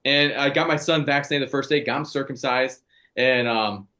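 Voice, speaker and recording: A man's voice: mid-range voice, moderate pace, sharp tone. A man in his forties, a podcast co-host, telling stories in blunt, profane casual chat. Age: 40s.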